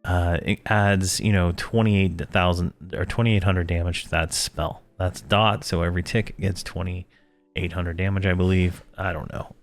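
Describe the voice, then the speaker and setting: A man's voice: sits low, fairly even intonation, a little slow, soft background music. A man hosting a casual gameplay guide, talking in a rambling, self-correcting way with frequent chuckles while losing his voice. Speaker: gaming channel host.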